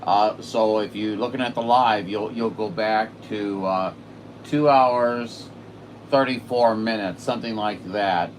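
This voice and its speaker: A man on his home radio setup, chatting excitedly on the air with a distant station. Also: on the low side, unhurried, a little hiss or hum. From Saint Louis, Missouri. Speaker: radio operator streaming live. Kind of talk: casual radio chat.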